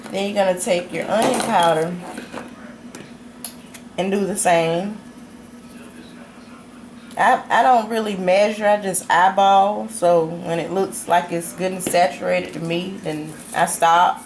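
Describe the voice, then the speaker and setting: A home cook demonstrates a recipe in a casual cooking tutorial, chatting easily as she works in a noisy kitchen full of clattering dishes and pans. Her voice is fairly low and steady, and she speaks slowly with long pauses.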